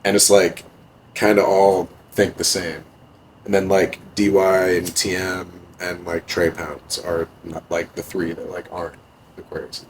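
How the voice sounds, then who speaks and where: Laid-back young man with a low voice. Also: flat delivery, unhurried, slight background noise, low-quality recording. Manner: laid-back, heavy swearing, many fillers. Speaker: podcast guest, music producer. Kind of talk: casual storytelling.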